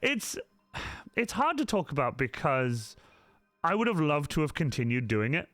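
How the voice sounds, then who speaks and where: Man, casual stream chat, lively up-and-down voice, faint music behind. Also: a little high, moderate pace, no room sound. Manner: rambling, hesitant, full of restarts and ums. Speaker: cosplayer streaming to viewers.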